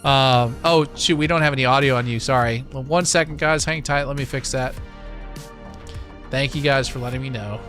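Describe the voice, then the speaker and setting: Man, livestream host, bright tone, casual, rambling, faint background music. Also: mid-range voice, steady tone, normal speed. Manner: easygoing, rambling, lots of fillers and laughs. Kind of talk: casual live-stream chat.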